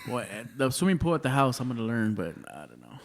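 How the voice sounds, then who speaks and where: This thirties-aged comedian guest has a medium-pitched, sing-song voice and a quick pace. Chatting casually, he wanders from story to story, curses a lot, and keeps saying "dude."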